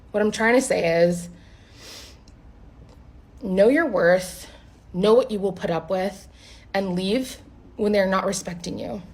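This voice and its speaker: Husky, blunt woman telling a dating story. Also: mid-range voice, slow pace, pauses often. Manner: blunt and exasperated, swearing freely. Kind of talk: casual storytime to camera.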